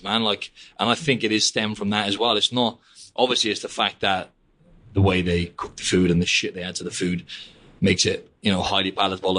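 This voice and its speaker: Brief: young male podcast host, rapid casual rambling, slightly low voice. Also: bright, forceful tone. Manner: rambling, peppers speech with "mate" and "like". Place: living in Australia.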